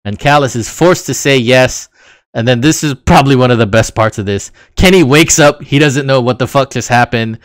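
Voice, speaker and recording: A man co-hosting a laid-back wrestling recap, rambling through the action and laughing as he goes. His voice sits at a middle pitch and sounds close and dry, with no room around it. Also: moderate pace, no room sound. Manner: rambling, laughs while recounting. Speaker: podcast co-host. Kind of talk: casual wrestling recap chat.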